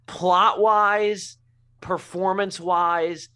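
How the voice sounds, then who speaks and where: A man hosting a movie podcast, giving opinionated reviews with quick quips in casual chat. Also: sits high, level tone, bright, forceful tone, clean tone. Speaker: podcast host.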